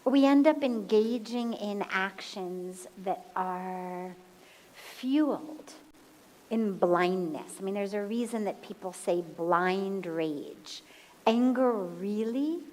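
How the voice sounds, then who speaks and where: Woman spiritual teacher, unhurried and calm, guides breathing, slow delivery. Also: mid-range voice, poor audio. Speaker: spiritual teacher answering questions. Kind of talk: slow, gentle satsang talk. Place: satsang hall.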